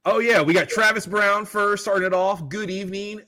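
A man co-hosting a horror podcast live stream, playful and laughing along, with quick restarts. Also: high-pitched, steady tone, sharp tone. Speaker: podcast co-host. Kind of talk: casual live-stream chat.

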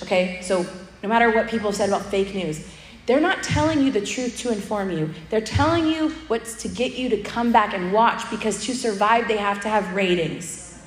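A woman's voice: mid-range voice, a little hiss or hum. Chatty woman preaching in an echoey hall. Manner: chatty and humorous, many asides. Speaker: speaker at a church event. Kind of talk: sermon-style talk with personal stories. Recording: echoey hall with long reverb.

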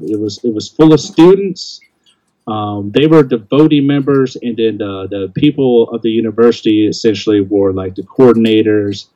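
Blunt older man, dark dull sound. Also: medium pitch, no echo. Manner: blunt, rambling with many restarts. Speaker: podcast host. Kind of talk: casual opinionated chat.

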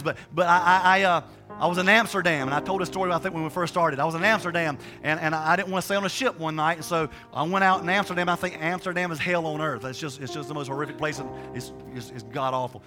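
A man with a higher-pitched voice preaches a sermon and shares a personal testimony. His delivery is rambling, emphatic, and colloquial, full of restarts and repetitions.

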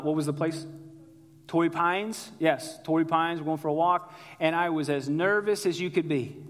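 High-voiced pastor preaching in a hall. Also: male voice. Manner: conversational storytelling, calls out to the congregation. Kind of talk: sermon.

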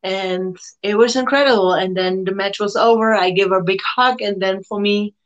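A woman wrestler, not her first tongue, tells her story with lively energy, jumping up in pitch whenever she acts out what someone said. Her voice sits at an ordinary middle pitch. The audio is somewhat dull and lo-fi. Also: moderate pace. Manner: excitable, acts out quotes with big jumps in pitch. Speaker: wrestler, interview guest. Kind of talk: animated storytelling in an interview.

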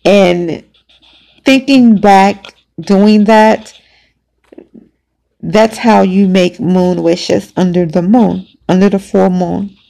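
Gravelly-voiced woman telling a personal story. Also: mid-range voice, fairly even intonation, takes it slowly, warm tone. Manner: casual, emphatic, conversational with many fillers. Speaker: podcast host.

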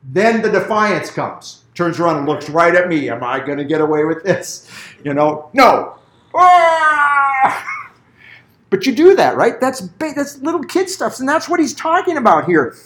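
A middle-aged male pastor delivering a sermon with a lively, swooping voice that jumps high and drops low. He tells stories in an animated way, slipping into quick acted-out voices. His voice sits a little above the usual male range. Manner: animated storytelling, acts out voices.

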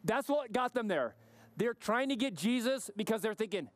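A middle-aged man preaching a sermon, emphatic and questioning, often dropping his voice low to stress a point. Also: lively intonation, moderate pace, dry recording. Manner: emphatic, questioning, varies pace and drops low for weight. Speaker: pastor.

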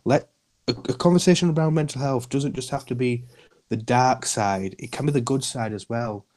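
A man's voice: mid-range voice, normal speed, darkish tone. Earnest man, podcast guest. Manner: earnest, reassuring, repeats himself. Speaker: guest, community group founder. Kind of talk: podcast interview.

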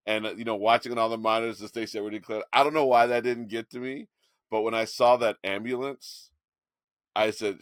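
A man co-hosting a podcast, chatting casually about politics and telling an animated story with frequent restarts. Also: lowish voice, fairly quick, dry recording, clean studio sound. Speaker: podcast co-host.

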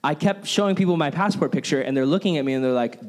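A man's voice: mid-range voice, fairly quick. Chatty jokey young male preacher. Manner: chatty, jokey, self-deprecating. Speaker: youth pastor. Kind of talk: casual sermon with stories.

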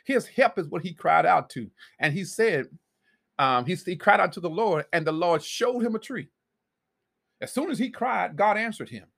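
A man's voice: high-pitched, vocal fry, a bit bright. A man preaching a sermon, reading scripture aloud and often restarting his phrases as he builds his points.

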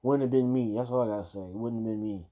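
A man's voice: mid-range voice, fast, muffled recording. A man reacting to a news clip with heated, profane ranting full of restarts. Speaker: video reactor. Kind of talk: casual reaction commentary.

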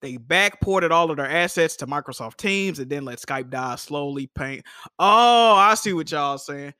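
Lively high-voiced man reading chat. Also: normal speed, smooth, no room sound, studio quality. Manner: laughing, reads viewer comments aloud. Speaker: podcast co-host reading chat. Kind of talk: casual chat.

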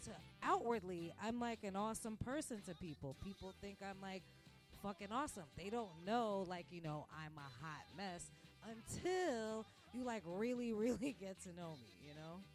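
Animated rambling woman podcaster. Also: mid-range voice, normal speed. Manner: animated and rambling, acts out quoted voices, laughs often. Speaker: podcast host. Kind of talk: casual ranting monologue. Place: restaurant where she works. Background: faint music.

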